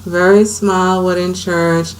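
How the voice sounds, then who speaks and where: A woman's voice: fairly low pitch, little pitch movement, takes it slowly, a little hiss or hum, rough recording. A middle-aged woman from Saint Croix telling her personal story at home in a candid, conversational way. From Saint Croix, US Virgin Islands. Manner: candid, conversational, emotional retelling. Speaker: vlogger.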